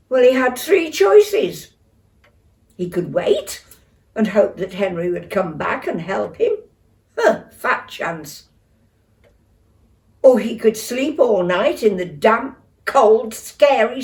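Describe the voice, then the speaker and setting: An older woman reading a children's story aloud with lively expression, talking to young listeners. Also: medium pitch, takes it slowly, distant mic.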